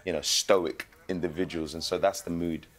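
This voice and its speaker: A man, an actor guest telling lively stories in a casual interview. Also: sits low, moderate pace. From England. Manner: animated storytelling with slang.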